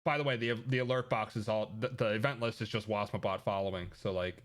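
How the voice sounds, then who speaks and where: Speaking quickly in a lowish voice with fairly even intonation, a man offers casual commentary on the video game he's streaming. He jokes around about the on-screen events and pokes fun at himself, with game music clearly audible behind him.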